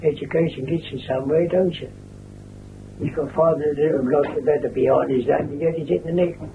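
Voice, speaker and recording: An older man making rambling remarks in a fairly high voice. He sounds set back from the microphone. The sound is narrow and tinny with a clear hiss, like an old 1970s film. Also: steady tone, brisk, recorded from a distance. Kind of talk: casual chat.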